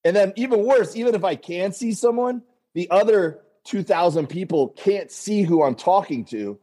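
A man's voice: high voice, lively intonation, normal speed, dark tone, dry recording. A man, a comedian guest on a talk show, telling rambling stories and acting out voices. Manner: rambling storyteller, acts out voices in quotes. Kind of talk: casual talk show anecdotes.

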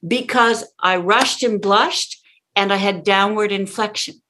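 A woman's voice: mid-range voice, measured pace, sharp tone. A woman speaking coach talking in a conversation, emphatic and demonstrative, acting out how lines should be delivered.

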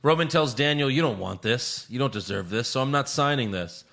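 Bright-voiced man recapping wrestling. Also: medium pitch, animated, fairly quick, gravelly. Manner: loose, profane, sarcastic recapping. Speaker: podcast co-host. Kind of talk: casual wrestling recap chat.

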